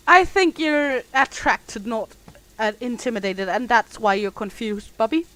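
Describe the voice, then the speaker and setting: A woman's voice: on the high side, sharp tone, rough recording. Chatty woman streaming a game. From Denmark. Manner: chatty, joking, reads chat aloud. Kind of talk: casual chat with viewers while gaming.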